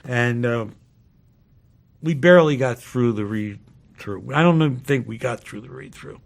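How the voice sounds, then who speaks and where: A man, a former sitcom cast member, telling a rambling anecdote in a relaxed interview. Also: medium pitch, measured pace, vocal fry. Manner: rambling, relaxed, many fillers.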